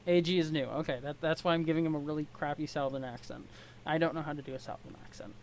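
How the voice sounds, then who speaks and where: A chatty host reads a webcomic aloud in an easy, middle-pitched voice. The talk rambles, full of self-mocking jokes and offhand asides. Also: steady tone, quick pace. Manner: rambling, self-deprecating, jokey. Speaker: webcomic read-along host. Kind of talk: casual comic read-aloud with asides.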